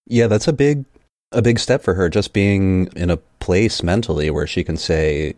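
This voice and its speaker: A man with a very deep voice talks casually about a book with a co-host, laughing easily and now and then reading passages aloud. The sound is dry and close. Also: normal speed, darkish tone, no echo. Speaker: podcast co-host.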